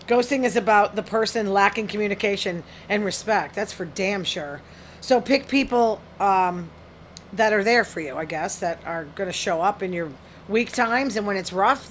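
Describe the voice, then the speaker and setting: A woman's voice: medium pitch, slight background noise. A woman hosting a solo talk show, reading study findings aloud and reacting to them bluntly and frankly. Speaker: podcast host. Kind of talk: casual solo commentary reading news.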